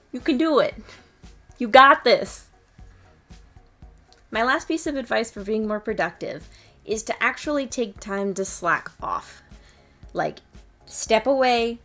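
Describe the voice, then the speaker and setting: A woman in her twenties giving casual motivational advice to fellow students, candid and self-mocking with some swearing. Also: medium pitch. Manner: playfully acts out her own excited lines. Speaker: student vlogger. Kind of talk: casual motivational vlog talk.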